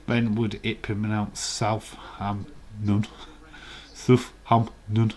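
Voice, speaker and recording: A man's voice: lowish voice, a little slow. An English man hosting a live stream, chatting casually and rambling as he reads out viewers' comments and chuckles along. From England.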